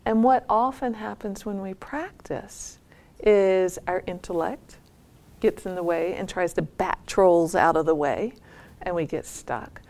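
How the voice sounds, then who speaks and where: Slow, gravelly woman telling a tale. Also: mid-range voice. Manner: reflective storytelling, drops to soft near-whispers. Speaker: meditation teacher. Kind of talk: dharma talk retelling a folk tale.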